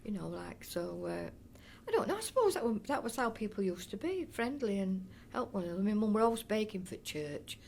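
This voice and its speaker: A woman's voice: mid-range voice, very animated, a little fast, vocal fry, hardly any pauses, darkish tone, a little hiss or hum. An older woman, reminiscing in a chatty, rambling way as an oral history interviewee. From North East Derbyshire area of England. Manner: chatty and rambling, with frequent restarts and fond asides.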